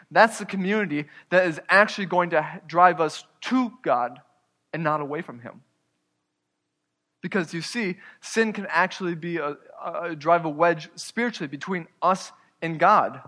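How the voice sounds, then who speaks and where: A man preaching a sermon as pastor, earnest, moving between loud emphasis and quiet, hushed asides. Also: on the high side, big-room sound.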